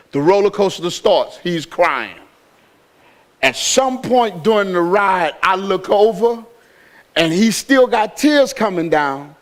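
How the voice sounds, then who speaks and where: Man pastor, high voice, storytelling sermon style. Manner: storytelling, building to shouted exhortation.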